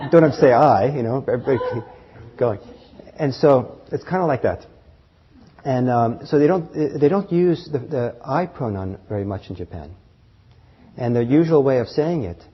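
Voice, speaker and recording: A man teaching meditation to a live group, talking in a halting way with fillers, restarts and soft chuckles. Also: on the low side, slightly rough. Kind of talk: dharma talk to a group. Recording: dull lo-fi talk recording.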